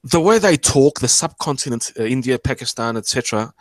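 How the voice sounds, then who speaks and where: A man chatting casually on a stream, pausing often to search for words. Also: medium pitch, expressive, no room sound. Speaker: stream participant. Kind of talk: casual chat.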